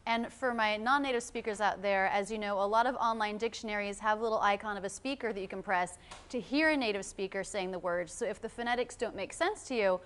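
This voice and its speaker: A woman hosting an interview about pronunciation, encouraging and quick with short affirmations. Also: medium pitch, fairly bright tone, smooth. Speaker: host of an English pronunciation channel. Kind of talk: friendly interview.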